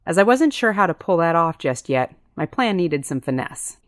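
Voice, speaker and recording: A woman's voice: big pitch swings, moderate pace, dry recording, studio quality. A woman reading a first-person story as an audiobook narrator, switching into character voices for dialogue. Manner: voices characters with pitch lifts.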